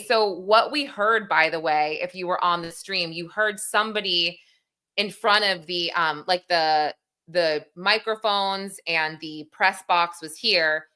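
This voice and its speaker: A woman's voice: on the low side, sharp tone, smooth. A woman in her thirties hosting a livestream, chatting casually, reading comments aloud and laughing at herself. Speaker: livestream host.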